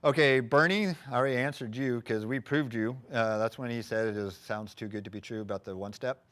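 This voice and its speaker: A man's voice: mid-range voice, fairly even intonation, brisk, a bit bright. A man co-hosting a live stream, chatting casually and reading out viewer comments. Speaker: live chat co-host.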